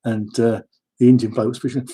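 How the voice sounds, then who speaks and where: Mellow husky man reminiscing. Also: mid-range voice, flat delivery, brisk. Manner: rambling, chuckling, wry asides. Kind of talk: casual personal storytelling.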